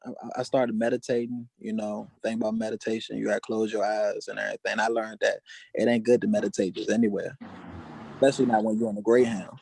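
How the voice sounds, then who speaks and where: A man's voice: fairly low pitch, flat delivery, fast talker, gravelly, darkish tone, slightly rough, no echo, poor audio. A man doing a stand-up set at an open mic, telling stories in loose, casual street slang. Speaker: stand-up comedian. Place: open mic comedy venue.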